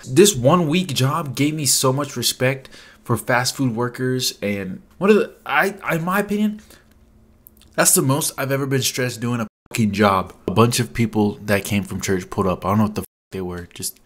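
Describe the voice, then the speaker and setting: A man's voice: mid-range voice, normal speed, fairly bright tone. Young guy doing a casual storytime vlog, swears a ton, says "like" constantly. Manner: rambling, profane, full of "like" fillers. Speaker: vlogger.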